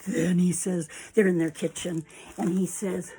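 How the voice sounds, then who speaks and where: A woman reading a picture book aloud to children, animated and expressive. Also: medium pitch, a little slow, breathy edge, poor audio.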